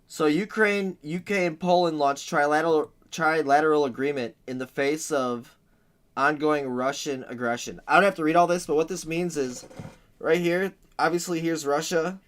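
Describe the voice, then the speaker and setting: Brief: male livestream host, casual and crude, bright tone. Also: on the high side, fairly even intonation, normal speed. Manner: crude, joking, acts out war noises.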